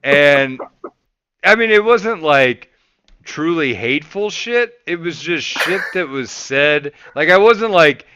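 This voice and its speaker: Bright, crisp-voiced man telling a story. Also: fairly high pitch, slow, no room sound. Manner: animated, swears freely, voices his past rants loudly. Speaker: podcast host. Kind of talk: casual podcast storytelling.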